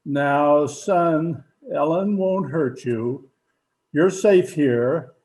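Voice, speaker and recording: A man playing a kind, fatherly older master of an estate, speaking gently and reassuringly in an old-time radio drama. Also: on the high side, extremely slow, low-quality recording. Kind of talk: 1930s-style radio drama acting.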